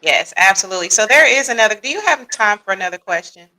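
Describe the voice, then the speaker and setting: Lively woman podcast host, bright edgy voice, slangy and chatty. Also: mid-range voice, quick pace, low-quality recording. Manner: lively, slangy, laughs easily. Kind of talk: casual interview.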